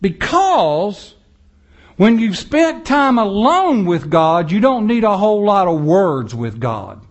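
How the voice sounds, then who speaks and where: A man preaching a sermon, animated and conversational, acting out people's prayers and mocking voices as he goes. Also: high voice, slow, lo-fi sound. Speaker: pastor.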